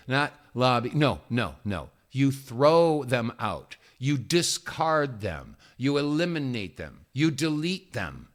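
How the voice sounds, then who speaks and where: A man's voice: mid-range voice, a bit bright. A man hosting a talk radio show, delivering an emphatic, opinionated monologue with folksy asides and repeated phrases.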